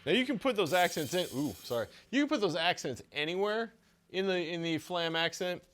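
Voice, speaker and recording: A man giving a casual drum lesson, talking in a relaxed way with many stammered restarts and small chuckles. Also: high voice, a little fast, a little hiss or hum. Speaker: drum teacher.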